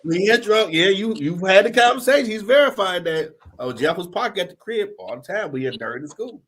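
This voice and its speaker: Talk-show host, male, slangy animated storyteller, lively high-ish voice. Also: brisk. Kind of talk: casual panel chat.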